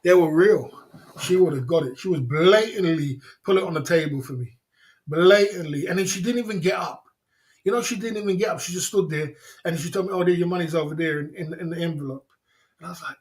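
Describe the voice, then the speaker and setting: A man's voice: a little high, a little fast. A man hosting a livestream, telling rambling stories with many repeats and laughs. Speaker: livestream host. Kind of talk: casual storytelling.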